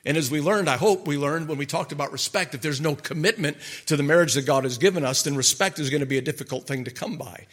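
Bright-voiced middle-aged male preacher. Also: fairly high pitch, quick pace, hardly any pauses. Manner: folksy, asks the listeners rhetorical questions. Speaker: pastor and marriage counselor. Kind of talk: conversational sermon.

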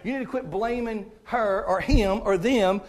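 Southern male preacher, high voice, folksy sermon style, swings between hushed and shouting. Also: unhurried. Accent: Southern American. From American South. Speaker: guest preacher.

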